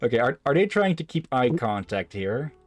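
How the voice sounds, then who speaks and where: A man's voice: mid-range voice, sing-song, normal speed, no room sound, faint music behind. A man casually chatting with friends while streaming a game, reading its text aloud and swearing now and then. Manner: rambling, swears casually, many fillers.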